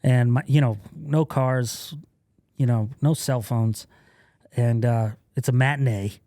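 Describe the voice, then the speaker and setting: A man in his thirties, a podcast guest, telling stories in a casual, profane way, laughing often and acting out loud quotes. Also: mid-range voice, fairly even intonation, takes it slowly, no room sound, clean studio sound. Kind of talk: casual storytelling.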